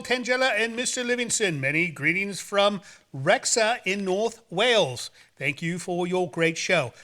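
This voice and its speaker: A man's voice: high voice, sharp tone. A man hosting a horror movie show, rambling and joking in playful banter. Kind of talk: playful, campy hosting chat.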